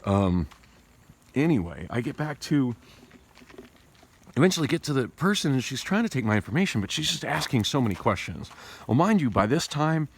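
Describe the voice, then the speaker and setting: A man's voice: medium pitch, sing-song, normal speed, long pauses, slight background noise. A man talking through a casual, rambling vlog monologue with many restarts, speaking through tooth pain and recorded on a phone. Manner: rambling, with frequent restarts and digressions. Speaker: vlogger. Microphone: phone camera.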